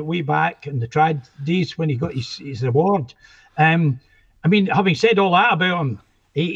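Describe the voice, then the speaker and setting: A man's voice: on the high side, a bit bright, slightly rough. An older man with a Scottish accent, a guest musician telling anecdotes in a rambling, self-interrupting way, on a dull lo-fi recording.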